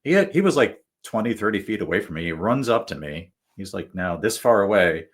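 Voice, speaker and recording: A man's voice: lowish voice, very animated, brisk, breathy edge. A male guest telling stories in a casual, rambling way, full of fillers and restarts. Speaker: guest author. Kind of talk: casual storytelling.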